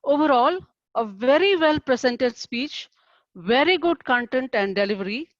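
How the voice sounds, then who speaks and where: A woman's voice: sits high, animated, dry recording. Lady evaluating a speech, encouraging and formal, dull lo-fi call sound, dry. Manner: measured, formal and encouraging feedback.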